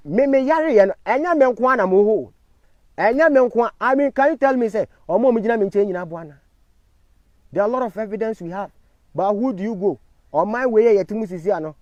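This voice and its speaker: A man with a Ghanaian accent, giving a defiant live-stream talk, swinging from loud declarations to low murmured thanks to viewers. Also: no echo, highs cut off. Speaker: online commentator.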